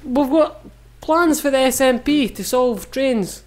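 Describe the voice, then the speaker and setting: A man's voice: very high-pitched, slow pace. A Scottish man hosting a podcast, joking and ranting with casual swearing among friends. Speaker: podcast host. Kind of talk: casual banter.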